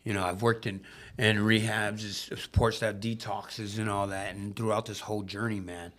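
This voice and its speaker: A man's voice: lowish voice, level tone, moderate pace, fairly bright tone. A man from Southern California tells a personal story in loose, casual conversation. He swears freely and acts out the dialogue, switching voices for each person in it. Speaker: podcast guest in recovery.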